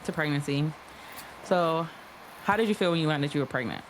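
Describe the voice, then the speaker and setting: A woman hosting a podcast interview, asking questions in a relaxed, casual way with short affirming reactions. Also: low-pitched, fairly quick, background noise. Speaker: podcast host.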